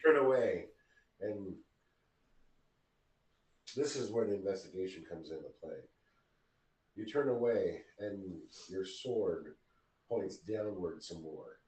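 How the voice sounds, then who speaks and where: A man narrating a tabletop game as game master, halting and restarting as he describes scenes. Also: deep voice, animated, darkish tone. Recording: roomy, distant mic.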